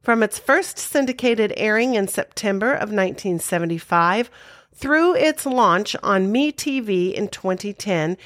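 In an unhurried, expressive way, a woman with a mid-range, fairly bright voice co-hosts a show, casually recapping and reciting trivia with playful asides in a chatty, informative style. The recording is dry and of studio quality.

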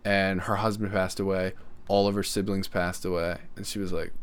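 A man's voice: on the low side, steady tone, moderate pace. A man in casual conversation, earnest and storytelling, often saying "you know".

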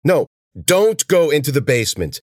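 A man voicing a hurried male caller who gives a warning over a breaking phone line, in a storybook reading. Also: a little high, very animated, no echo, studio quality, voice pushed up.

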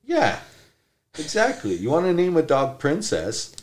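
A man's voice: a little high, huge pitch swings, measured pace. A man co-hosting a podcast, chatting casually in a blunt, ranting way and repeating himself. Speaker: podcast co-host. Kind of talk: casual chat.

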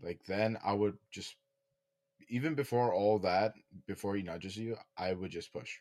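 Deep-voiced man joking in podcast chat. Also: normal speed, a little mellow. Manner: blunt, joking reactions. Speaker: podcast co-host. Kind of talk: casual chat.

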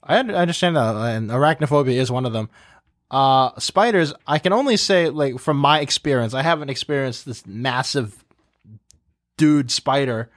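A man's voice: on the high side, dry recording, studio quality. A man in casual podcast chat who muses aloud and drifts into joking asides. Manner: joking asides, musing and digressive. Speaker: podcast co-host.

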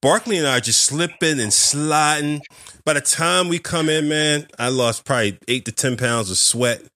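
A man hosting a podcast interview, telling a story in a lively, animated way and acting out the voices in it. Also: fairly high pitch, moderate pace, no room sound, studio quality. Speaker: podcast host. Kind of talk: casual interview chat.

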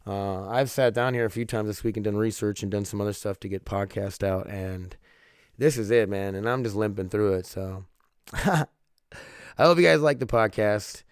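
A man's voice: on the low side, moderate pace, clear, resonant tone, no echo, studio quality. Rambling, cursing male podcast host. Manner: rambling, profane, laughs often. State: sick with covid, foggy-headed. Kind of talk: casual solo podcast talk.

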